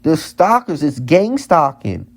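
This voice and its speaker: A man's voice: on the high side, huge pitch swings, slow pace, creaky. A man delivering a heated vlog monologue, repeating lines over and over and stumbling into restarts. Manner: heated, repetitive, stammering restarts. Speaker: vlogger. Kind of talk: ranting monologue.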